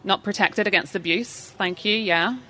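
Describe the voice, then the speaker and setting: Bright-voiced woman speaker. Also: mid-range voice, moderate pace. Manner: chatty, self-deprecating, questions the audience. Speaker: seminar speaker. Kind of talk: interactive live seminar talk.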